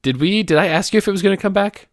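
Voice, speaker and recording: A man's voice: high-pitched, rapid-fire, no room sound, studio quality. A man hosting a podcast, reading a book aloud and joking between passages. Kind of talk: casual read-aloud podcast.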